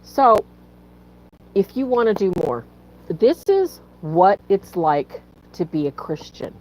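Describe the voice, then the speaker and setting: A woman's voice: mid-range voice, big pitch swings, takes it slowly, darkish tone, a little hiss or hum, low-quality recording. A woman hosting a faith live stream, tearful and fighting back tears as she earnestly pleads with viewers and greets them by name. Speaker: livestream host.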